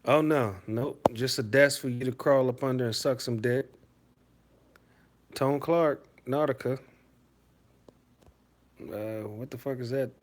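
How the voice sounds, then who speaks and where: A man in his thirties delivering a loud, profane comedic rant, mock-scolding his chat as a streamer. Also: medium pitch, unhurried, pauses often, a little hiss or hum.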